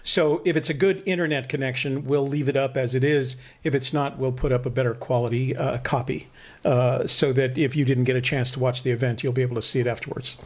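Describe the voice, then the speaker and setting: A man's voice: medium pitch, fairly even intonation, brisk. A man co-hosting a vlog in casual chat, explaining details with a teasing edge. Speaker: vlog co-host.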